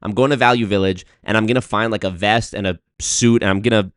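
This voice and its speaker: A man doing casual, joking live-stream commentary, profane and swinging between loud rants and muttered asides. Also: fairly low pitch, fairly even intonation, fast, clean tone, no room sound, studio quality. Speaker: streamer reacting to clips.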